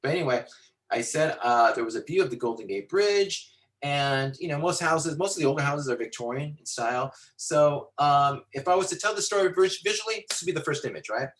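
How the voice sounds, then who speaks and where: A man teaching storytelling to visual artists, animated and rambling with many fillers and restarts, talking into a computer on a video call. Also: a little high, fairly quick, rough recording. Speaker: storytelling instructor. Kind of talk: lecture with acted-out anecdote.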